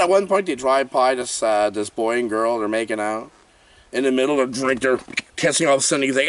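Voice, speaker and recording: A man's voice: mid-range voice, a little fast, fairly bright tone, dry recording, distant mic. A man reviewing a horror movie in a comedic vlog, theatrical and jokey, swinging between big cries and mutters.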